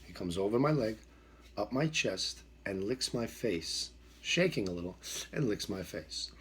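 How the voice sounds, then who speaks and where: A man's voice: lowish voice, lively intonation, a little slow, fairly bright tone, a little hiss or hum. A middle-aged man, a dog trainer, telling a story in an emphatic, repetitive way and acting out the voices in it. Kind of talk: storytelling monologue.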